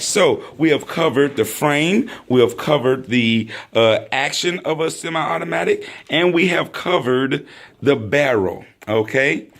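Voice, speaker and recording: A man's voice: medium pitch, a bit bright. A man teaching a hands-on training class, praising often and calling out drill commands. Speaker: firearms instructor.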